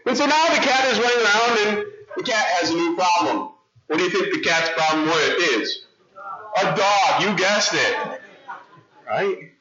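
A male pastor delivers a sermon in a chatty, animated storytelling way. His voice sits high and sounds bright and forceful. The recording is dull and lo-fi. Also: a little slow.

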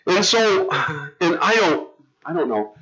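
A man's voice: high-pitched, sing-song, a little slow, pushed and bright. A middle-aged man preaching as a pastor, storytelling in a casual, conversational way with frequent restarts. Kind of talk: sermon. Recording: dull lo-fi sound.

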